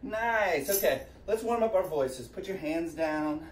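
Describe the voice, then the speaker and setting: A man leading a preschool music class online, cheerful and encouraging, talking slowly and sing-song to young children. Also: a little high, expressive, roomy sound, distant mic, a little hiss or hum. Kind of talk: virtual kids' music class. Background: guitar and tambourine.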